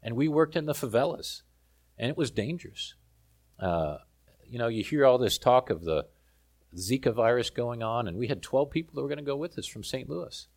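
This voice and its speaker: A man from South Africa preaching a sermon, telling a lively story with humor. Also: medium pitch, moderate pace, gravelly.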